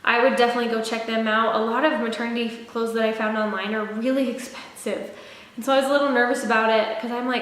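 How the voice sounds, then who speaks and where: A young woman talks through a casual pregnancy update in a fairly high voice, rambling with lots of fillers and restarts. She sounds a little short of breath. The room is very echoey, and a long reverb trails after her words. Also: steady tone, brisk, fairly bright tone. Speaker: vlogger.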